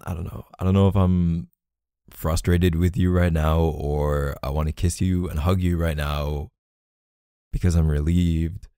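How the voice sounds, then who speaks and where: A man in a whispered role-play as a boyfriend, talking softly and affectionately in murmurs. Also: sits low, steady tone, a little slow, clear, resonant tone, no room sound, studio quality. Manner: soft, murmuring, affectionate and emotional.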